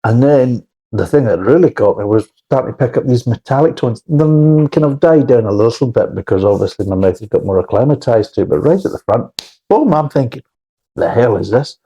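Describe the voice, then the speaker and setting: A man's voice: medium pitch, animated, fairly quick, dark tone, slightly rough, dull audio. A man giving a blunt, rambling, sweary beer review in a casual spoken style.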